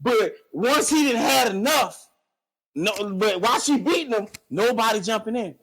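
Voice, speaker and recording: High, gravelly man, animated. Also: normal speed, a little hiss or hum. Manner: animated, heated when arguing. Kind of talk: casual chat.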